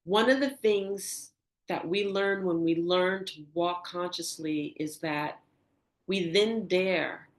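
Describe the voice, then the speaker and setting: Older woman telling a personal story. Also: takes it slowly. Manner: animated, acts out quoted dialogue with rising pitch; drops to a soft, hushed tone for reflective moments. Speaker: interview guest, energy healer.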